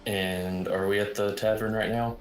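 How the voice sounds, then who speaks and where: A deep-voiced man playing a tabletop game, terse and deadpan, his delivery very flat. He sounds like he is in an echoey room. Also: moderate pace, faint music behind. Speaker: player.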